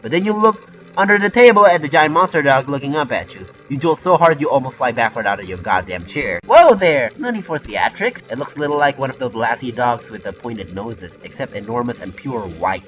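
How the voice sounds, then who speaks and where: A man's voice: medium pitch, lively intonation, brisk, a bit bright. A man reading a visual novel game aloud with casual, offhand commentary, swearing often. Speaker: game player. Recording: muffled recording with faint background music.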